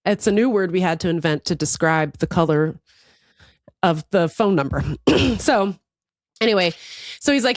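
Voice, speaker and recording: A woman co-hosts a podcast, telling a story in loose, profane chat and laughing often. Her pitch swings widely and expressively. The recording is dry and close, with no room sound. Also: animated, moderate pace, long pauses, no room sound. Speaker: podcast co-host. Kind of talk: casual chat.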